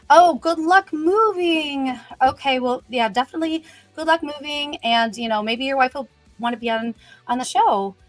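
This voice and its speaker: A woman's voice: high-pitched, normal speed, no room sound, faint music behind. A woman hosting a casual livestream, greeting viewers and chatting upbeat with lots of "you know" fillers. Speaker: host of a brand livestream.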